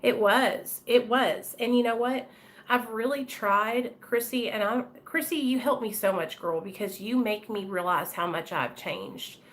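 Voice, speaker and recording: A woman's voice: on the high side, measured pace, a bit bright. Woman, casual live-stream chat, candid and chatty, calls out to commenters. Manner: candid, chatty, addresses viewers and commenters by name. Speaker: vlogger talking to live chat.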